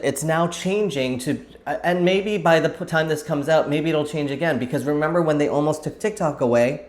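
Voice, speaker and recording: Rambling, chatty man vlogging. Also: mid-range voice. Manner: rambling, talkative, thinks aloud. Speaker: vlog host. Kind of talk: casual chatty craft vlog. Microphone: camera set back at a distance on the table.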